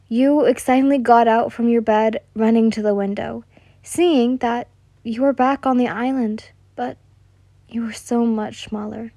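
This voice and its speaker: A woman reading a second-person fan story aloud in a soft way, now and then correcting herself. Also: on the high side, dry recording. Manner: slow, soft, with occasional self-corrections. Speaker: fan fiction reader.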